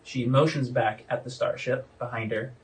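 Casual game master narrating, far mic. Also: male voice, medium pitch, steady tone, normal speed.

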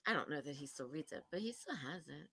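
A woman's voice: deep voice, expressive, quick pace, vocal fry, bright, forceful tone, distant mic. A woman co-hosting a podcast, telling stories in loose, profane casual chat. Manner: profane, chatty, laughs often. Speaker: podcast co-host.

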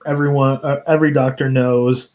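A man's voice: mid-range voice, little pitch movement, moderate pace, darkish tone. A man co-hosting a podcast in casual chat, adding wry commentary and laughing often. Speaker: podcast co-host.

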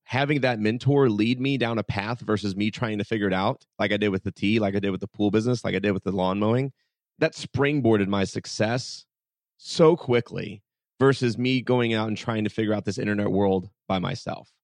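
Man, podcast guest, casual storytelling, animated, quotes people, dry sound. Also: fairly low pitch, a little fast, no room sound. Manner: animated, acts out dialogue with many "like"s.

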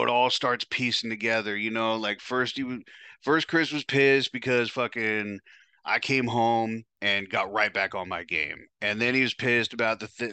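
A man's voice: medium pitch, bright, forceful tone, dry recording. A podcast host telling his own story in the first person, blunt, profane and emotional.

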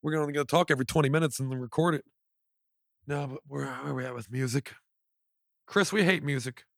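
A man's voice: medium pitch, quick pace, gravelly, no room sound, studio quality. A man co-hosting a podcast, joking and rambling in casual banter. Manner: joking, rambling, puts on voices. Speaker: podcast co-host.

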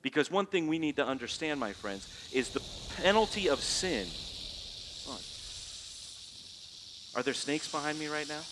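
A man preaching a lively sermon to a live audience, telling a story dramatically and swinging between hushed lines and loud ones. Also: a little high, normal speed, pauses often, background noise. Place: church hall before a live audience.

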